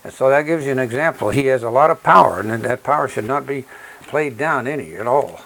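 Man, preacher, sermon, earnest and deliberate, leans on key words, mid-range voice. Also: mid-range voice, lively intonation, vocal fry, fairly bright tone, slight background noise, low-quality recording. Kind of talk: sermon with scripture reading.

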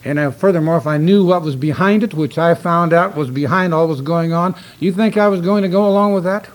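An older man preaching a sermon, stern and emphatic, slowing down to read scripture aloud. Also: a little high, low-quality recording.

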